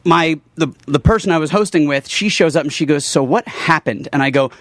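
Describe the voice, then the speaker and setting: A man's voice: on the high side, a little fast, no echo. A man co-hosting a radio talk show, telling a story with lots of acted-out voices and laughter. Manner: animated storyteller, acts out voices, laughs often. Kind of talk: casual radio banter. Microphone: studio mic.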